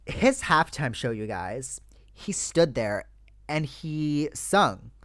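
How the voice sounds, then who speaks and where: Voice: mid-range voice, big pitch swings, slow pace, no room sound. A young adult podcast host talks straight to the listeners in a loose, heated rant. Curses come easily, and the talk stays casual and personal. The voice sounds dry and close, with no room around it. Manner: ranting, swears freely, addresses listeners as "you guys". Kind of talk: casual solo podcast chat.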